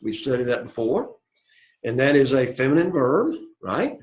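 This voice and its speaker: A man's voice: mid-range voice, very animated, normal speed, a little mellow, dull audio. A man teaching a Greek class, patiently walking students through translations and often checking in with "okay?" and "all right?". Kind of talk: classroom lecture.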